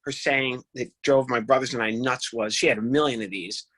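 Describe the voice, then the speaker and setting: A man's voice: medium pitch, fairly even intonation, brisk, fairly bright tone, dry recording, poor audio. A man, a ventriloquist guest, chatting in a casual, affable and joking way. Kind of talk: casual chat.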